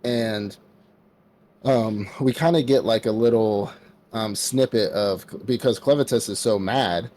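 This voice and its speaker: A man's voice: lowish voice, a little slow, a little mellow. A man co-hosting a podcast, retelling an anime plot in a loose, casual way, acting out the characters' lines with lots of "like" fillers. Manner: loose storytelling, acts out quotes, many fillers like "like". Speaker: podcast co-host.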